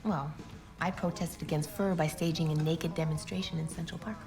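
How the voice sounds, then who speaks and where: Breezy free-spirited mom. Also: female voice, low-pitched, fairly even intonation, a little fast, creaky, over music. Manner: breezy, encouraging. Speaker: mother.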